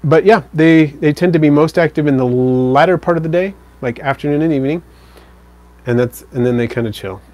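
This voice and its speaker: A man hosting a live stream, casually answering viewer comments in a relaxed, rambling way. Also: on the high side, brisk. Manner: relaxed, rambling, with fillers and self-corrections.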